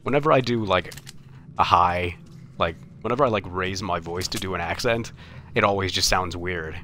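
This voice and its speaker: Young male streamer, low voice, rambling and self-deprecating; noise under the recording. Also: pushed and bright. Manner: rambling, self-mocking, halting. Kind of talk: live game commentary.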